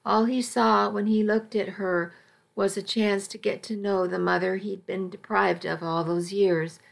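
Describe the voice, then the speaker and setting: A woman reading a first-person story aloud in a measured, even storytelling delivery. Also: medium pitch, creaky. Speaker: audiobook narrator. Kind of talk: first-person scripted narration.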